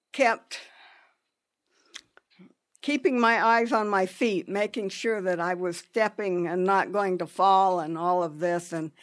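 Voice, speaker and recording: Slow, halting woman telling a story. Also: fairly low pitch. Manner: unhurried, halting with pauses and restarts. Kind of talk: personal storytelling.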